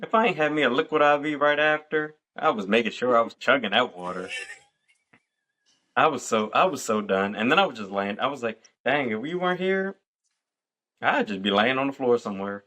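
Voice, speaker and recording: A man in his thirties hosting a casual podcast chat, telling stories with lively acted-out quotes. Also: mid-range voice, brisk. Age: 30s. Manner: animated storyteller acting out quotes. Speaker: podcast host.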